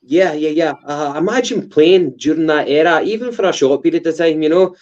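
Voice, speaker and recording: A man's voice: a little high, a little fast, a little mellow, muffled recording. A Scottish man co-hosting a casual football podcast, hesitant with many fillers and restarts. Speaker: podcast co-host.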